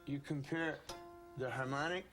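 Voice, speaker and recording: A man's voice: fairly high pitch, normal speed. A man giving a casual, folksy guitar setup lesson, calling the viewers folks and gang. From United States. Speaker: guitar instructor. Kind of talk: casual instructional demo.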